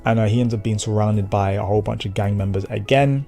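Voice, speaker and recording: A man with a low, gravelly, mellow voice chats through an anime episode recap. He rambles, swears casually and acts out short lines of dialogue. Soft music plays faintly under him. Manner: rambling, slangy, with quick acted-out quotes and swearing. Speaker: anime reviewer.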